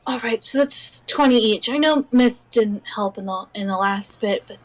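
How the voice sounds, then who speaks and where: A woman's voice: a little high, moderate pace, poor audio. A woman talking casually as a player in a tabletop game.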